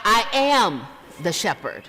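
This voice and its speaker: A woman's voice: mid-range voice, big pitch swings, takes it slowly, pushed and bright. Woman pastor preaching in a reverberant church. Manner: conversational, humorous preaching with asides. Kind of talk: sermon. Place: church sanctuary. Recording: long reverb of a church hall.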